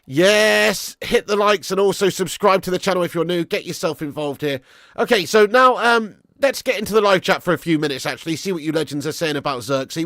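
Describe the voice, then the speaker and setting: Excitable young man on a dry mic. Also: a little high, no room sound. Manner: excitable banter, swearing, laughing with chat. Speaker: livestream host. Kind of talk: casual live chat.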